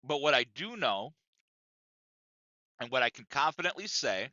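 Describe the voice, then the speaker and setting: The co-host's medium-pitched voice is sing-song and sharp, at a moderate pace with frequent pauses, while he tells a casual, emphatic, profane story that repeats and circles back. No room sound is heard, and the highs are cut off.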